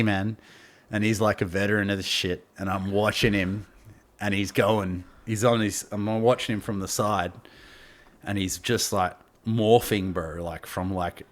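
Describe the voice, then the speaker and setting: A man telling a long, rambling story as a podcast guest. He laughs often and swears freely in heavy slang. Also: on the low side. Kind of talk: casual storytelling.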